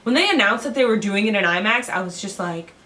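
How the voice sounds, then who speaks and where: A woman's voice: medium pitch, animated, fast talker, sharp tone. A young woman co-hosting a casual review chat, bubbly and playful. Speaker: co-host of a review show.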